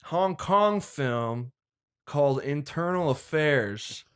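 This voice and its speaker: A man's voice: on the high side, expressive, slow, clean tone. A young man hosting a casual movie podcast, rambling and swearing freely as he talks. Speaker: podcast host.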